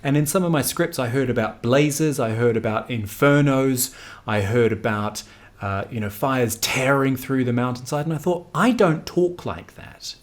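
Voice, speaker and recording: A man in his forties, a news anchor, talking in an interview in an animated, emphatic way, often correcting himself mid-sentence. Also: mid-range voice, normal speed. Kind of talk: conversational interview.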